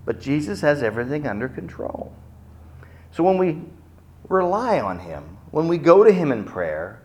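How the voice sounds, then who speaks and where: A middle-aged man preaching a sermon, telling stories dramatically and acting out the quotes with big swings in loudness. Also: fairly high pitch. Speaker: pastor.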